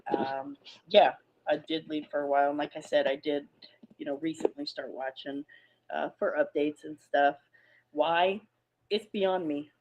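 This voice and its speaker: A woman making a hesitant, subdued personal statement to an online community, pausing often. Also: low voice, steady tone. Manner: subdued, hesitant, many pauses and ums. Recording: muffled lo-fi audio, played back on a stream.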